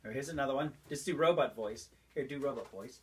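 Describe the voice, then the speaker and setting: A man's voice: medium pitch, brisk, slightly rough. A man, a father, casually reviewing a toy with his child at home, chatty and laughing as he shows each feature. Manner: chatty, laughs often, demonstrates as he goes. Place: room at home. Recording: loud background noise.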